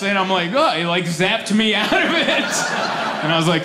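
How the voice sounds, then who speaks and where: Young guy doing stand-up, kinda high voice, deadpan then loud punchlines, noisy club. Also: moderate pace, a loud crowd. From United States. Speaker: stand-up comedian. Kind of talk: stand-up comedy set. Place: comedy club stage with laughing audience. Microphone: handheld stage mic. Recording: live club room with audible noise.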